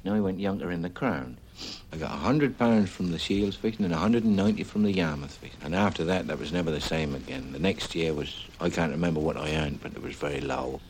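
A man's voice: low voice, fast, slight background noise, low-quality recording. An older man, a retired herring fisherman, remembering hard years in a plain-spoken way and often saying "you see". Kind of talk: reminiscing interview.

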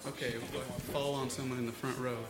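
Folk singer, male, hoarse and weak-voiced from laryngitis, self-mocking stage patter, roomy live room. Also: mid-range voice, flat delivery, brisk, loud music behind the voice. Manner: self-deprecating, joking. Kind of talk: casual stage banter at a live concert. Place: small live music venue.

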